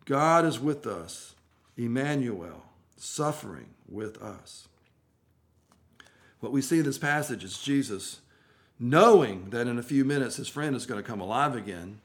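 A male pastor preaching a sermon, moving between hushed, quiet phrases and emphatic, rising ones. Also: mid-range voice, expressive, unhurried.

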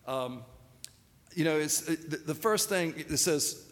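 A man's voice: fairly high pitch, normal speed, long reverb tail. A man preaching a sermon in a loose, conversational way, with fillers and restarts. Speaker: pastor.

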